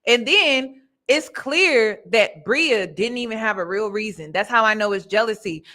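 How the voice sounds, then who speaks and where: Bright-voiced woman giving hype commentary. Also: on the high side. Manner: emphatic, drawn-out hype phrases. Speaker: commentary channel host. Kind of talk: casual reaction commentary.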